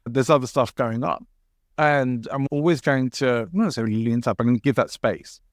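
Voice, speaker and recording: Male coach, podcast co-host. Mid-pitched, steady, explanatory delivery. Dry, close recording. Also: fast, no room sound. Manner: steady, explanatory, quotes clients and himself in passing. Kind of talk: conversational podcast discussion.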